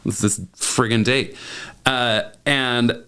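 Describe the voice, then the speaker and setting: A man in his thirties hosts a relaxed podcast chat, spinning an anecdote with a mid-range voice. He talks animatedly and breaks into short chuckles. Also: mid-range voice, slow pace, clean tone. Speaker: podcast host and plastic surgeon. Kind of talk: casual storytelling chat.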